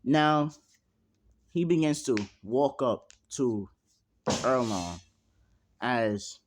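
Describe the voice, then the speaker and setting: A man's voice: medium pitch, expressive, very slow, background noise. A young man narrating a fan-made story at home in a casual, rambling way, full of fillers and slang and freely swearing.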